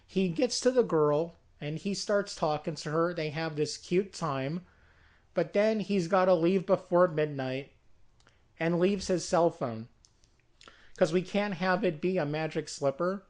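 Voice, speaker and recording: A speaker casually pitching a movie idea by retelling its story, rambling with fillers, restarts and chatty asides. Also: measured pace, darkish tone. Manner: chatty asides and self-corrections.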